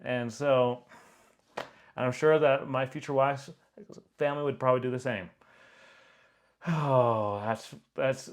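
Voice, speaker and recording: A man's voice: medium pitch, steady tone, takes it slowly, long pauses. A young man, a photographer, giving casual reaction commentary, rambling with lots of fillers and frequent laughter.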